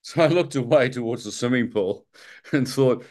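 A man telling his own story with lively, self-mocking humour, breaking into chuckles as he goes. His voice sits at an ordinary middle pitch. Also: moderate pace. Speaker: testimony speaker. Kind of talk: personal testimony storytelling.

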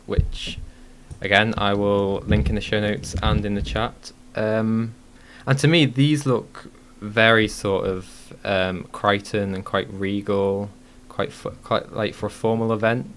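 A man's voice: on the low side, fairly even intonation, a little slow, fairly bright tone, slight background noise. A man hosting a casual live-streamed podcast, talking with many ums and restarts. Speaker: podcast host.

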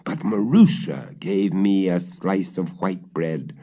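Brief: a man playing a resentful storybook dog, growly and slow, dark tone, lo-fi. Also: animated, heavily acted. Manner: growling, low. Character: bitter thin old guard dog. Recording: dull lo-fi old recording.

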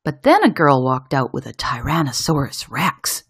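A woman reading a children's picture book aloud with expressive storytelling. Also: a bass voice, normal speed, slightly rough.

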